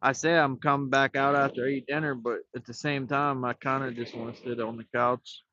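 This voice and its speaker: Easygoing fishing-stream host, man, bright forward voice, outdoors on a phone mic, slightly dull sound. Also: mid-range voice, steady tone, brisk, a little hiss or hum. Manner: laid-back, talks to himself while fishing. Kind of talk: casual rambling live chat.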